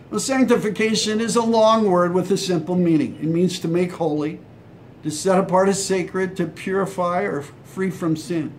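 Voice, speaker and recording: High-voiced man giving a friendly sermon. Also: slight background noise. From Hawaii. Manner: conversational preaching, acts out imagined replies. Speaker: pastor. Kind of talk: short devotional sermon.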